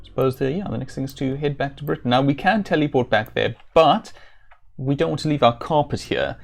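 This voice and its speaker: A man's voice: mid-range voice, brisk, vocal fry. A man streaming a video game, chatting casually and rambling with dry, self-amused jokes. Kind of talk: casual let's-play commentary.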